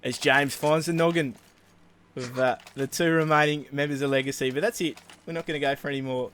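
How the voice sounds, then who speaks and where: A man putting on a loud, exaggerated broad Australian ocker voice while commentating an esports match. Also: steady tone, a little fast, lightly acted. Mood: rowdy cheering. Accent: broad Australian, put on. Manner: loud, high and hammed up, full of slang.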